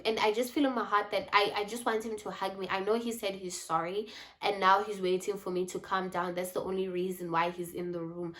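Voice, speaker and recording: A woman's voice: medium pitch, fairly quick. A woman telling a personal story in a faith vlog, candid and reflective. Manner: candid, reflective, animated in retold asides. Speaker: faith and lifestyle vlogger.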